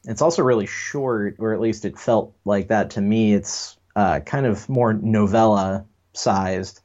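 A man co-hosting a casual pop culture podcast, rambling and joking with lots of fillers. His voice sits on the low side. The recording sounds dull and lo-fi. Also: a little slow, darkish tone. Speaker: podcast co-host.

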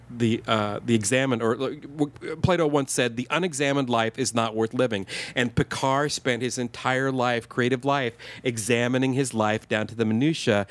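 A man co-hosting a podcast, chatting casually in a rambling way with lots of fillers and restarts. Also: medium pitch. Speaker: podcast co-host. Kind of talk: casual chat.

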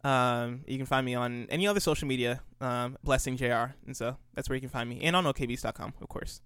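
A man's voice: mid-range voice, fast, a bit bright, smooth, dry recording, studio quality. A man in casual podcast chat, plugging his shows with a rambling, filler-heavy, laid-back manner. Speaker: podcast co-host.

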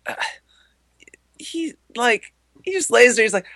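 A man on a movie podcast, joking and retelling scenes with an animated delivery. His pitch moves a lot and his tone is bright. The recording is dry. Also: measured pace, creaky, long pauses, dry recording. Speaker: podcast co-host. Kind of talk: casual movie review chat.

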